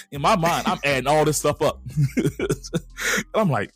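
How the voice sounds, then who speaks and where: A man co-hosting a podcast, casually retelling a personal story in a relaxed, conversational way. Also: on the high side, moderate pace, husky, no room sound, faint music behind. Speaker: podcast co-host.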